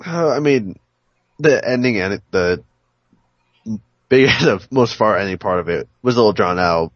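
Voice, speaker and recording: A man's voice: fairly low pitch, animated, normal speed, no echo. A man co-hosting a podcast game review, talking in a laid-back, hesitant way. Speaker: podcast co-host. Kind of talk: casual game review chat. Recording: dry, dull lo-fi sound.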